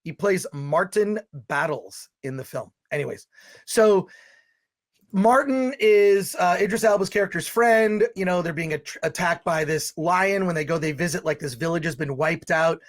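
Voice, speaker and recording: A man with a high voice hosts a live stream, speaking at a moderate pace as he gives a rambling, exasperated movie review full of restarts and loud outbursts.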